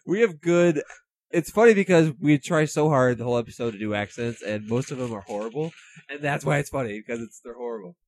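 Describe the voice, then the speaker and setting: A man's voice: mid-range voice, lively intonation, fast talker, a little mellow. A man co-hosting a casual comedy podcast, rambling and joking with lots of "like". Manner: rambling, jokey, full of "like". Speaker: podcast co-host.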